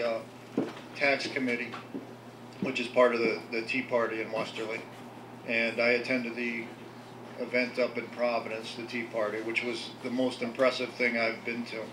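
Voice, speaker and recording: A man running for local office, giving an unprepared, earnest speech to a meeting and often stumbling over repeated words. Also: mid-range voice. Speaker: local political candidate. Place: restaurant meeting room. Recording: echoey room with background noise.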